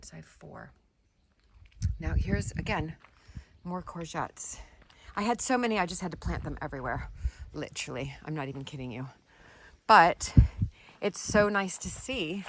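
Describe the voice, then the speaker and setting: An American woman chatting casually to viewers in a vlog, excitable as she shows her kitchen garden. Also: on the low side, unhurried, pauses often, slight background noise. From United States. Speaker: vlogger.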